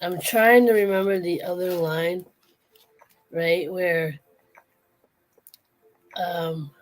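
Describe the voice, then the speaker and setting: A woman's voice: fairly low pitch, steady tone, extremely slow. A woman hosting a casual late-night livestream, chatting in a rambling way with many restarts. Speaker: livestream host.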